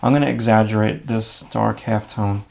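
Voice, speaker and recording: A man's voice: fairly low pitch, steady tone, moderate pace, gravelly, darkish tone. A man giving a live drawing lesson, talking casually and thinking aloud as he sketches, with frequent fillers. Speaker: drawing instructor.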